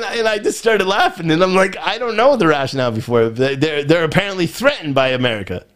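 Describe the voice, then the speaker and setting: A man's voice: fairly high pitch, lively intonation, fast, hardly any pauses, a bit bright. A man hosting a live political commentary show, talking in a frustrated, rambling way and often repeating himself. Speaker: podcast host.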